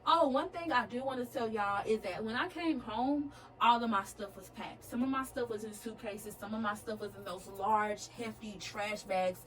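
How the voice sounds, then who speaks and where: A woman's voice: on the high side, normal speed, low-quality recording. A young woman vlogger telling a storytime, chatty and checking in with her viewers. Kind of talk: storytime vlog.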